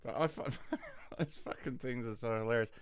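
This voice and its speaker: A man's voice: medium pitch, quick pace, smooth. A man hosting a livestream in casual rambling chat, swearing freely and laughing often. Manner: rambling, profane, laughs a lot. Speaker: livestream host.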